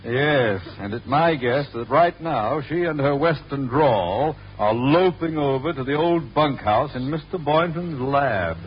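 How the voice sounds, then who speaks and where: A man's voice: medium pitch, lively intonation, measured pace, few pauses, lightly acted. An actor playing a stuffy, officious male school official in a 1950s radio sitcom, fussy and formal. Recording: dull old radio recording with hiss.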